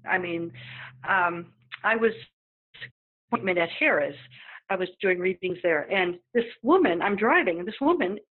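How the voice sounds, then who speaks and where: A woman's voice: lowish voice, lively intonation, normal speed, long pauses, husky. A woman guest speaking as a psychic medium in a casual chat, talking freely with many fillers and acting out the voices she quotes. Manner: chatty, acts out quoted voices, frequent fillers. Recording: tinny phone-like line.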